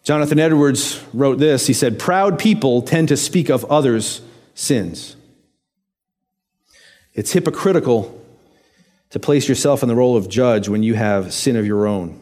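A man preaching a sermon in a conversational way, asking rhetorical questions and dropping to a quiet, low voice on key phrases. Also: unhurried, pauses often. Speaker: pastor.

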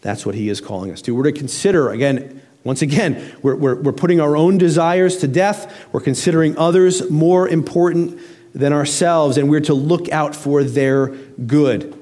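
A man's voice: fairly high pitch, moderate pace, mellow. Conversational male pastor preaching. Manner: conversational, acts out family voices. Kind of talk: sermon.

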